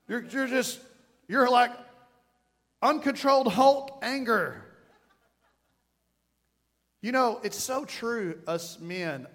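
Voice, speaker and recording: A man in his thirties preaching a sermon to a congregation, animated and playful, with sudden growled bits. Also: sits high. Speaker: pastor. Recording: long hall reverb.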